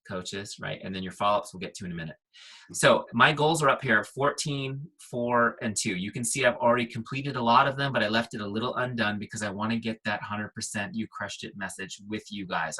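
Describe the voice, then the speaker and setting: Guest trainer, male, middle-aged, bright husky voice, upbeat and punchy. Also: on the low side, low-quality recording. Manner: upbeat, punchy, checks in with listeners. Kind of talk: software walkthrough on a team call.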